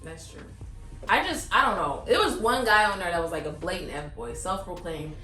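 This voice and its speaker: A woman's voice: on the low side, animated, normal speed, bright, forceful tone. Sassy woman chatting in an echoey room. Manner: blunt, sassy commentary with lots of "like". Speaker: podcast co-host. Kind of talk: casual chat. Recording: roomy room with faint music.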